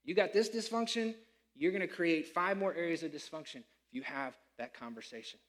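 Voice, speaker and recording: A man preaching a sermon as pastor, animated and acting out the people he quotes. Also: on the high side, brisk.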